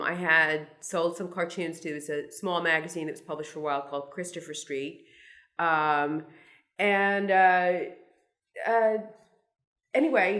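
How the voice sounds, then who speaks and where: A Brooklyn cartoonist in her sixties, speaking as a guest, tells an audience wry, wandering, self-deprecating stories full of restarts and asides. Her voice sits on the low side with a fairly bright tone.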